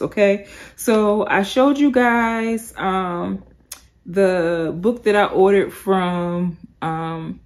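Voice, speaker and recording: A woman vlogging casually to camera, telling stories in an animated way and calling her viewers "y'all"; she says she is sleepy. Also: on the low side. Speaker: lifestyle vlogger. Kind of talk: casual vlog chat to camera.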